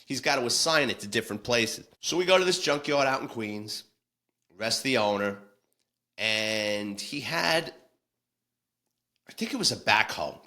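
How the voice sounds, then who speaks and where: A man's voice: medium pitch, animated, normal speed, pauses often, bright, forceful tone. A man, a former police detective telling war stories in a casual, blunt, salty way with frequent restarts. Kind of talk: casual storytelling.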